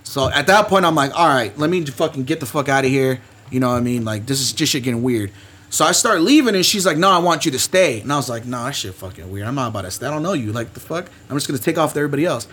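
A man's voice: mid-range voice, expressive, racing, a bit bright, slightly rough. A man co-hosting a podcast, telling a long profane party story in casual chat. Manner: profane, rambling anecdote with quoted voices. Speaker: podcast co-host.

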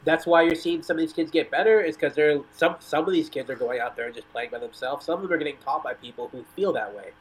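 A man's voice: fairly high pitch, fast, few pauses, slightly rough, low-quality recording. A man talking casually as a guest on a soccer podcast, telling rambling stories full of "like" and "you know". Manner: rambling storyteller, lots of "like".

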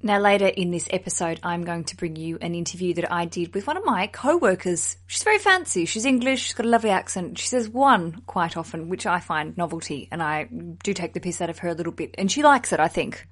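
A woman, hosting a casual solo podcast in a chatty, animated, self-mocking way. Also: on the low side, brisk. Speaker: podcast host.

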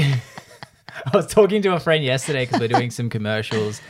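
A man's voice: medium pitch, normal speed. A man with an Australian accent, hosting a podcast and chatting casually, laughing often as he tells stories. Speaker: podcast host. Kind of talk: casual chat.

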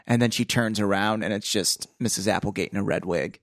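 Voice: mid-range voice, fast talker, dry recording, clean studio sound. A podcast co-host in casual, jokey conversation about a book, often slipping into silly voices. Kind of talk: casual book-club chat.

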